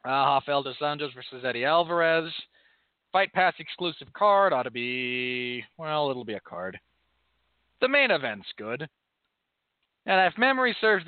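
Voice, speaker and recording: A man's voice: fairly high pitch, no echo. Dry, pedantic man on a tinny line. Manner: precise, dry, pedantic corrections. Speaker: podcast co-host and MMA commentator. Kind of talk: casual podcast banter. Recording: tinny phone-like sound, dry.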